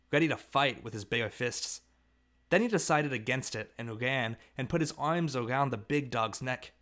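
A man reads a novel aloud as audiobook narration. His voice sits at an ordinary middle pitch, steady and measured. He tells the story plainly. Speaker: audiobook reader.

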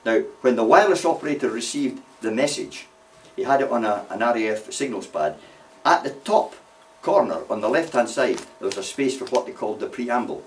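A man's voice: mid-range voice, expressive, brisk, slight background noise. An older man, a war veteran telling rambling anecdotes with many "you see" asides. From Scotland. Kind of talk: anecdotal storytelling. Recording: voice from far off the mic.

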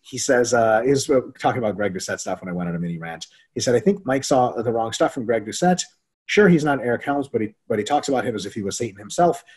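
A man co-hosting a fitness webinar in casual chat, animated and profane, acting out quoted people as he tells stories. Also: medium pitch, fast, husky. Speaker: webinar co-host.

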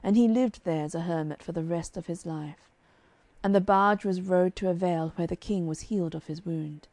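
A woman narrating a children's storybook in a calm, measured reading on a close mic. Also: lowish voice, dry recording. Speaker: audiobook narrator.

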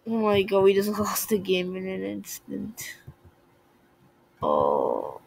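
A young woman giving casual commentary while playing a puzzle game, excitable, swinging from muttering to shouting at the game. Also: medium pitch, takes it slowly, vocal fry, no echo, rough recording. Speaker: gaming video creator.

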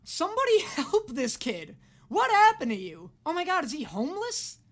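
A woman hosting a reaction video, giving casual, sarcastic commentary, swearing freely and often yelling at the screen. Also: extremely high pitch, wildly swooping pitch, normal speed.

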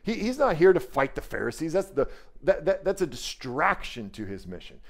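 A man preaching a sermon in a conversational, animated way, acting out quoted voices. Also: fairly high pitch, moderate pace, creaky. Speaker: pastor.

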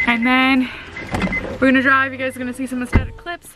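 A woman's voice: high voice, monotone, a little fast, loud music behind the voice. A young woman chatting casually for her vlog from a car, rambling with fillers and little laughs. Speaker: vlogger.

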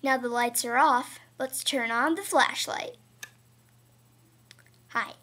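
A woman playing a jittery 32-year-old man camping in his own room in a homemade comedy video, talking in a hushed whisper that breaks into panicked shrieks. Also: high voice, slow, exaggerated voice. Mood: hushed, nervous.

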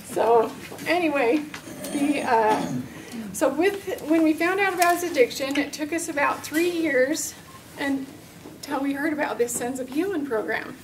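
A woman's voice: sits high, measured pace, far from the mic, background noise. A middle-aged woman giving an earnest personal testimony as a parent specialist, telling a story with many fillers.

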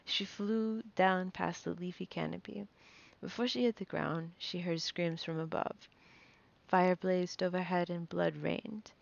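A woman's voice: on the low side, steady tone, unhurried, gravelly. A woman reading a fantasy novel aloud, nervous and often stumbling over and restarting words, on a dull lo-fi recording. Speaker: reader.

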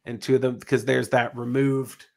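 A man's voice: mid-range voice, level tone, normal speed, vocal fry, a little mellow. A man hosting a casual podcast panel discussion, rambling, swearing freely and trailing off mid-sentence. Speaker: podcast host.

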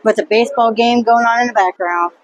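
A woman's voice: fairly high pitch, a little fast, low-quality recording. A woman in casual vlog chat at an indoor museum exhibit, eagerly pointing out small details. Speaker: vlog co-host.

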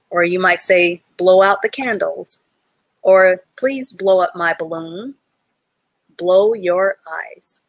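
A woman with a lowish voice speaks slowly, recorded dry. She teaches an adult reading class live online, patiently sounding out letters and words and praising learners in the chat.

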